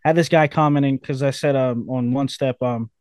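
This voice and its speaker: A man's voice: mid-range voice, steady tone, fairly quick, darkish tone, dry recording, clean studio sound. A young man, a rapper, chatting casually in an interview, rambling with many fillers and laughing easily. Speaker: rapper guest.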